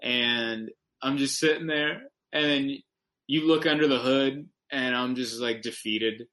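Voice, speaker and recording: A man, a stand-up comedian, telling rambling, animated anecdotes as a guest on a podcast. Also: medium pitch, unhurried, rough recording. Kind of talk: casual podcast storytelling.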